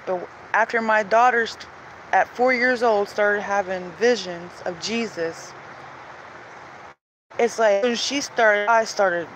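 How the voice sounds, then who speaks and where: A woman's voice: medium pitch, slight background noise, poor audio. A woman talking earnestly and emotionally in a rambling personal monologue, pleading at times. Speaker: vlogger sharing religious visions.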